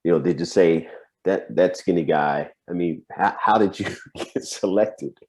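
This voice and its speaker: A man's voice: deep voice, measured pace. A man, a coach, chatting casually over a video call, musing and laughing between points. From United States.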